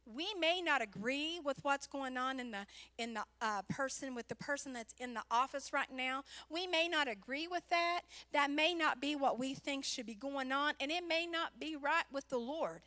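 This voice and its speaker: A woman speaking at a church, a pastor's wife telling an animated personal story within a sermon. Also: high voice, normal speed.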